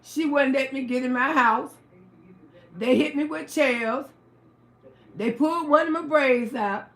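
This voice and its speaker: A woman hosting a livestream and telling a story in an emphatic, profane, animated way. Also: high voice, a little slow, roomy sound. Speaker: livestream host. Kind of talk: casual storytelling to a live audience.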